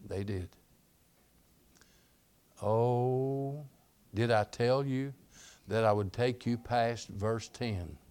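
A man preaching a sermon, moving between quiet storytelling and loud, emphatic bursts. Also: medium pitch, extremely slow, long pauses, clean tone. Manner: emphatic, swings from soft storytelling to loud exclamations.

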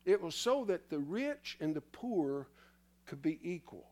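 A man's voice: fairly high pitch, sing-song, unhurried, darkish tone. A man preaching a sermon in a church in a folksy, teasing way, somewhat out of breath. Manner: folksy, teasing the congregation, spells words letter by letter.

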